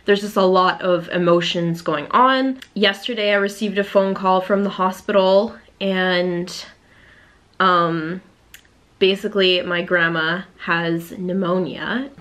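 A woman's voice: on the low side, fairly even intonation, slow, a bit bright. A young adult woman talking frankly to camera in a casual vlog, open and unfiltered, with the odd swear word. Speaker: vlogger preparing for a physique competition. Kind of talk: candid casual vlog talk.

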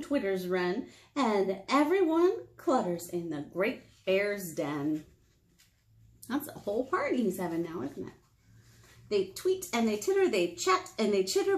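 A woman librarian reading a picture book aloud to young children, gentle and encouraging. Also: medium pitch, sing-song, a little slow. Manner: gentle, encouraging, sing-song. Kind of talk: storytime read-aloud for children.

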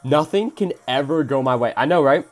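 A man's voice: mid-range voice, lively intonation, fairly quick. Frustrated young man streaming a game. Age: young adult. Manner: frustrated, swearing, reading chat aloud. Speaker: gaming streamer. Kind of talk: live game stream commentary.

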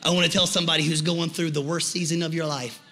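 Middle-aged male pastor, high and sharp tone, lively folksy sermon delivery. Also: fast. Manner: animated preaching, builds to shouting; folksy asides and humor.

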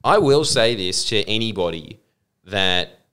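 Low-voiced sardonic man. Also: expressive, unhurried, a bit bright, clean tone. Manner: teasing, sardonic. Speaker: podcast host. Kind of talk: casual chat.

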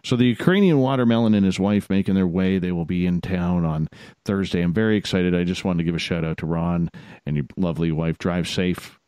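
A man hosting a casual radio talk show, joking and rambling with shout-outs to listeners. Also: sits low, brisk, clear, resonant tone, no room sound, studio quality. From Canada.

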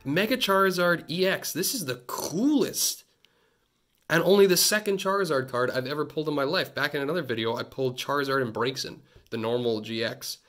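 A man from Canada chatting through a casual card-opening vlog, talking close to his phone and cracking jokes between excited outbursts. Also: on the high side, brisk. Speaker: vlogger. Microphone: phone held close.

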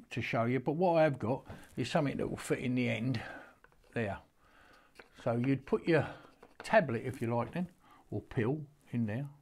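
An older Englishman talks casually and with feeling, in a homely, rambling way. His voice sits at an ordinary middle pitch, and he often stops and starts again mid-sentence. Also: warm tone. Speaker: horseman showing an antique. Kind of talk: casual storytelling to camera.

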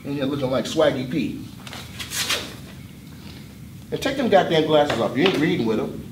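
A man playing a teacher in a comedy sketch, roasting his students in a loud, mocking way. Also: fairly high pitch, animated, normal speed, far from the mic. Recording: echoey room with background noise.

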